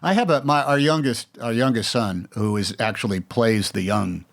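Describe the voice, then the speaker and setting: A man's voice: mid-range voice, moderate pace, vocal fry. A man in his sixties with an American accent, telling stories in a casual interview, rambling with restarts and mimicking other voices. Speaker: actor, interview guest.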